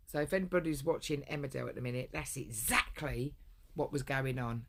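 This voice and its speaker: Woman vlogger, gravelly fry in the voice, rambles and swears through a personal grievance. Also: rumbling low, fairly even intonation, a little fast. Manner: rambling, heavy swearing, blunt. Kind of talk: casual storytelling rant.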